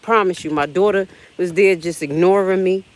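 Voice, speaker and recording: A woman's voice: on the low side, normal speed, poor audio. A woman in her forties hosting a casual live walking vlog from an outdoor park, chatting straight to her viewers as she climbs steps and gets winded. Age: 40s. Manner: chatty, talks straight to viewers as "y'all" and "baby". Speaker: livestream host.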